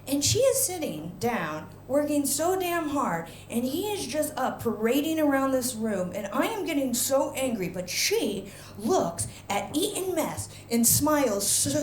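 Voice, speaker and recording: A woman performing a stand-up comedy set, animated, jumping into loud high mock voices for punchlines. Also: a little slow, slight background noise. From United States. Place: comedy venue stage. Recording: echoey live venue, faint ambience.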